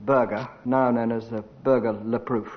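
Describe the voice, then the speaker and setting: A man's voice: medium pitch, level tone, moderate pace. A man on a comedy panel, announcing made-up guests with puns. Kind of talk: improvised radio comedy. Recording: lo-fi radio recording with hiss.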